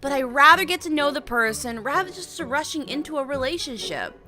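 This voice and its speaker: A woman's voice: high-pitched, animated, brisk, pushed and bright, soft background music. A woman voicing a polite, patient young woman working in a store. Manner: polite and patient, then firm.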